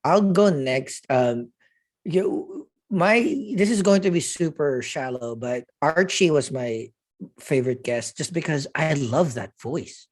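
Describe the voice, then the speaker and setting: A man co-hosting a podcast, talking in a lively way in casual chat. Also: fairly high pitch, slow. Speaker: podcast co-host. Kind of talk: casual chat reviewing shows.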